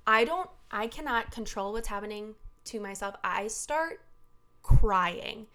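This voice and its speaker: Bright-voiced chatty young woman. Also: fairly high pitch, moderate pace. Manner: chatty storytelling, laughs often, many "like" fillers. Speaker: podcast co-host. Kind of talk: casual chat.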